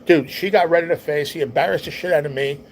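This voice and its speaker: A man's voice: a little high, fast talker, a little hiss or hum, rough recording. Rambling, profane male livestream host. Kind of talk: casual storytelling to a live chat.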